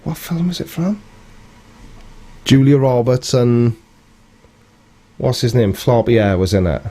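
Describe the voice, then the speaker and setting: A man's voice: medium pitch, animated, measured pace, mellow. A man hosting a live stream, reading out viewer comments in a rambling, cheeky way and chuckling often.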